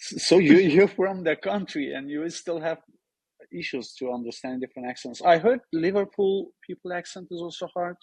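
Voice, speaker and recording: Male interviewer, friendly and halting, gravelly husky voice. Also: on the high side, darkish tone, no room sound, poor audio. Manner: friendly, halting, non-native phrasing. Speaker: interview host. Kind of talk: casual interview over a call.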